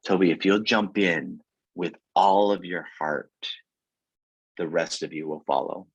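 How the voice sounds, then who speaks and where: A gentle, wise toy rabbit from a storybook speaks words of earnest encouragement, as a man voices him. The voice stays deep and husky, close and dry. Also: steady tone, measured pace, no room sound, highs cut off, heavily acted.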